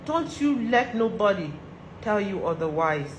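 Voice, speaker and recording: Woman, Nigerian accent, motivational vlog monologue, slow unhurried delivery, earnest and repetitive, roomy echo. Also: medium pitch, big pitch swings, slight background noise. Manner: earnest, repeats her exhortations for emphasis. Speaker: vlogger giving advice to women.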